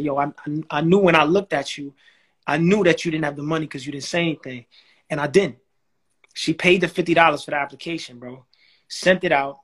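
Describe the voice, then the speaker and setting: A young man tells his story as a guest, and his voice sits a little higher than most men's. He talks casually with lots of slang and quick restarts. He acts out the lines of people he quotes. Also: a bit bright. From New York.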